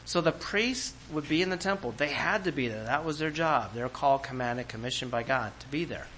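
A man's voice: mid-range voice, brisk, sharp tone, slight background noise, rough recording. A man preaching a sermon to a congregation in a church, talking in a conversational way and acting out quoted voices. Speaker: pastor.

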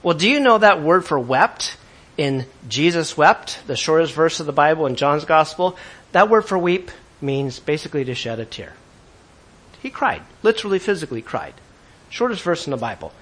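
A man preaching a sermon with energy, swinging between loud emphasis and quiet asides and asking his congregation questions. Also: on the high side, sing-song, normal speed. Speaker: pastor.

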